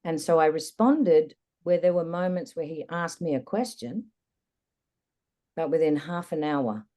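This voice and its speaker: A woman guest in an interview, candidly recounting a personal experience in a reflective, lively way. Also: deep voice, unhurried. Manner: candid, reflective, animated retelling. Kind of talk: personal storytelling in conversation.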